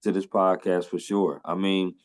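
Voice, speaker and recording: A man's voice: sits low, level tone, moderate pace. Enthusiastic man hosting a podcast. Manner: enthusiastic, affirming, jokes and laughs. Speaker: podcast host. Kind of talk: casual interview.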